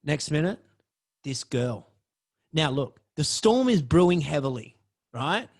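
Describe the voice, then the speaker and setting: Man, podcast host, dramatic storytelling, swears a lot, fairly high voice, very lively pitch. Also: unhurried. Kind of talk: personal storytelling.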